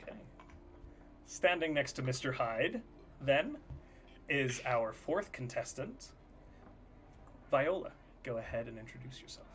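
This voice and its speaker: A man narrating a tabletop game as game master, describing scenes in a relaxed way with fillers. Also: mid-range voice, a little slow, long pauses.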